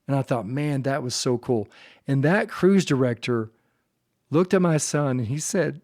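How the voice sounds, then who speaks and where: A man hosting a podcast, talking earnestly and with deep feeling about his family and faith, at times choked up. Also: lively intonation, measured pace, a little mellow, dry recording, clean studio sound. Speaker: podcast host. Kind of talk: heartfelt faith-based podcast monologue.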